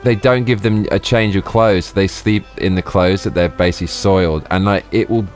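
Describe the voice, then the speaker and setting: Low-voiced male streamer, profane, excitable, laughs a lot, faint music behind. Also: normal speed. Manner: profane, exclamatory, laughs often. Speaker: live streamer. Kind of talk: casual gameplay live-stream commentary.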